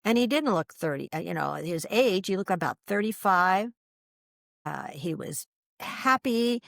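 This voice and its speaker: Her voice is low and creaky, her pace measured, and the studio-quality audio has no echo. A middle-aged woman appearing on a podcast, she relates her personal story animatedly, peppered with fillers, restarts, and laughter mid-sentence.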